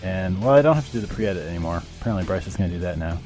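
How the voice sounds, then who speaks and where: Low-voiced, laid-back podcast guy. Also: lively intonation, very fast, darkish tone, soft background music. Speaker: podcast co-host, tech operator. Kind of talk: casual interview remarks.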